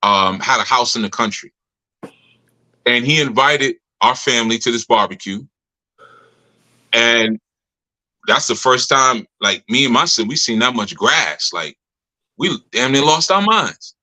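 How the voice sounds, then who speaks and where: Bright-voiced man telling stories, laughing often. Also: mid-range voice, animated, measured pace, pauses often, rough recording. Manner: laughs often, loose colloquial storytelling. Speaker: community leader speaking to members. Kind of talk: casual storytelling talk.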